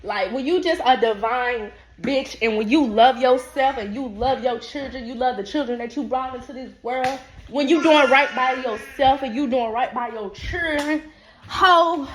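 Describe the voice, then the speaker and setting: A woman's voice: a little high, slight background noise. Brash, profane woman on a self-love rant. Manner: brash, profane, sassy, emphatic. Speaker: podcast host. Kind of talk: unscripted motivational monologue.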